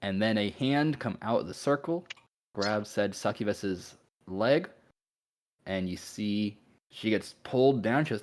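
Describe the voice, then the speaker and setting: A man narrating a tabletop game as game master in an unhurried, easygoing way with fillers. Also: lowish voice.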